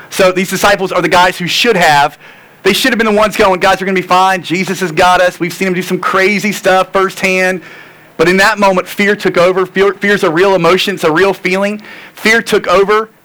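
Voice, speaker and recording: A man's voice: high-pitched, steady tone, fairly quick, sharp tone, low-quality recording. A man preaching a sermon, earnest and tired, repeating phrases for emphasis. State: tired and sore. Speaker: pastor.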